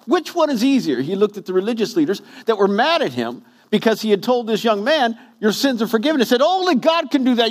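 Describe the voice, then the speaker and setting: Animated preaching man, high lively pitch. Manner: animated preaching with wide pitch swings, acting out quotes. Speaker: pastor. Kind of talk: sermon.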